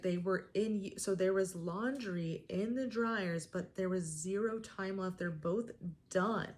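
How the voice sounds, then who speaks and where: A young woman rants to her viewers in a casual, comedic way, her voice sitting a little low for a woman. She piles on fillers and asides as she grows exasperated. She keeps up an easy, talky flow throughout. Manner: exasperated, chatty storytelling with many fillers. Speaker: host. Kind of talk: casual comedic rant to camera.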